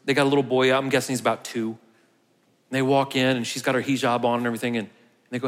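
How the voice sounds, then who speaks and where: A man's voice: medium pitch, little pitch movement, racing. A man, a pastor, giving a conversational sermon and telling a personal story with quoted dialogue. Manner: conversational, tells stories with quoted dialogue and laughs. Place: church sanctuary. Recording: long hall reverb.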